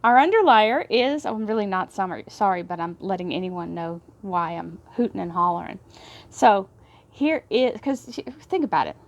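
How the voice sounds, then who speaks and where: A woman with a Texas Southern drawl reads tarot cards in a gushing, excitable way. Her voice sits at an ordinary middle pitch. She breaks into delighted laughter and slips into soft, reverent prayers. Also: normal speed. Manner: effusive, prone to excited laughter and hushed prayers. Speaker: tarot reader. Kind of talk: tarot card reading.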